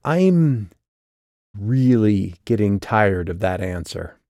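A curt, sarcastic young woman, read by a man in an audiobook, snapping back with clipped exasperation. Her voice sits only a little above a deep natural register. The recording is dry and close. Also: very animated, slow pace, warm tone, no room sound, full character voice. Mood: exasperated. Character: sharp-tongued, irritated young woman driver. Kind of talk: audiobook character reading.

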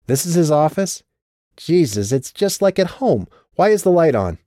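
A man reading an audiobook and voicing a sharp, sardonic woman who has been drinking. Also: a little high, big pitch swings, moderate pace, dry recording, clean studio sound, pitched above the performer's own voice. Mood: indignant.

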